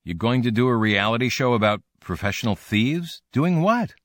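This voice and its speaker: A man voicing a sharp, quick-witted woman. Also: medium pitch, expressive, no room sound, studio quality, voice pushed up, natural voice. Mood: incredulous.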